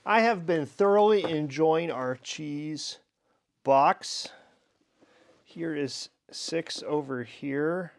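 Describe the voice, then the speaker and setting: A man's voice: a little high, extremely slow, vocal fry. A middle-aged man from Minnesota, a wine educator hosting a casual tasting vlog, telling rambling, jokey stories with fillers. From Minnesota, USA.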